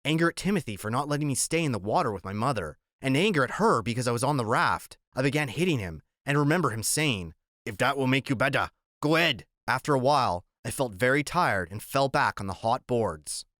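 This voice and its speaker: In this audiobook, a man voices a novel evenly and at a measured pace, his pitch sitting in the middle range. There's no echo; the sound is dry and close-miked.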